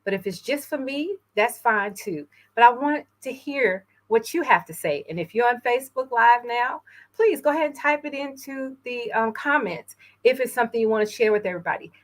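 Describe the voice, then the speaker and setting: A woman from New York hosting an inspirational talk show, speaking earnestly and a little emotionally, with frequent pauses. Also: fairly high pitch, animated. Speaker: host.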